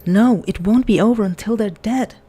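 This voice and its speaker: A woman's voice: on the low side, a little slow, mellow. A woman voicing a frightened young woman, haunted and pleading, read from a game. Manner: fearful, pleading.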